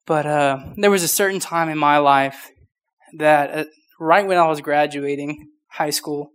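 Young guy preaching to a youth group, kinda out of breath, flat delivery, lots of restarts. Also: a little high, a little slow, clean tone. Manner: informal, rambling, many restarts. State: short of breath. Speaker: youth pastor. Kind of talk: sermon.

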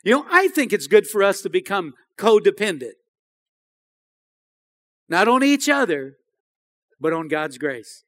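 In a high, sing-song, fairly bright voice, a pastor preaches a sermon at a measured pace with long pauses. He speaks emphatically, repeats phrases, and keeps asking the congregation, "Amen?"

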